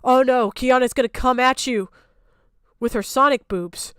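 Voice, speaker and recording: Woman streamer, high voice, dry close sound, loud mocking reactions with bursts of laughter. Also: measured pace, smooth, no echo. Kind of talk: casual live-stream commentary.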